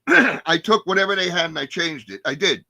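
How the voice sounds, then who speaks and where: Older guy in his 60s telling war stories from acting gigs, swears a lot, bright punchy voice, dry close sound. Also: a little high, normal speed, creaky, dry recording. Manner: animated, profane, acts out scenes. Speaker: actor and guest. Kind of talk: casual storytelling interview.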